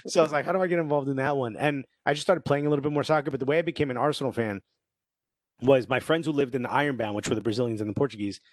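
A man in casual podcast chat, telling lively stories and mimicking accents. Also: mid-range voice, no echo. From Cuban family, grew up in New Jersey. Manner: animated storyteller, quick to mimic accents.

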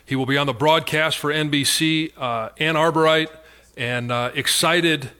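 Bright-voiced sports show host. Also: male voice, a little high, fairly even intonation, normal speed, clean tone. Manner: upbeat, conversational, some fillers. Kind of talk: sports radio show hosting.

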